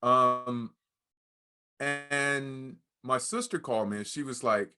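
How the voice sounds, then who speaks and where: This guest's voice sits in the mid range, bright, forceful, clear and resonant, and he takes his time. In conversation he shares a candid, emotional story from his own life, performing the quoted lines of those in it.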